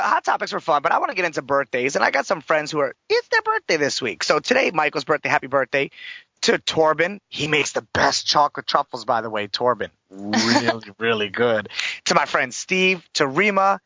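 A show host chatting casually about celebrity gossip in an animated way, full of fillers like "like". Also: mid-range voice, gravelly, no room sound. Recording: dull lo-fi recording.

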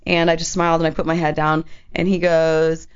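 A woman's voice: sits low, brisk, clean tone. Chatty storytelling woman on muffled radio. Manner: animated storyteller acting out quotes, laughing often. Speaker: radio co-host. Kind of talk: casual on-air chat, storytelling. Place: radio studio.

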